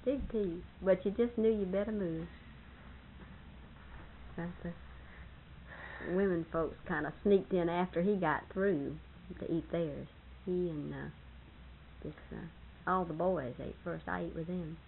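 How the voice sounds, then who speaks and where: An older woman with a husky voice, reminiscing casually about family and laughing often as she tells stories. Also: lowish voice, slow, phone-quality sound, slight background noise. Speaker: storyteller in family history interview.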